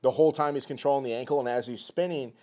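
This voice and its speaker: Male co-host in his forties; rapid, profane, laid-back joker. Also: mid-range voice, fairly even intonation, darkish tone. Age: 40s. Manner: profane, joking, quick-talking. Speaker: podcast co-host. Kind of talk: casual chat. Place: Los Angeles area.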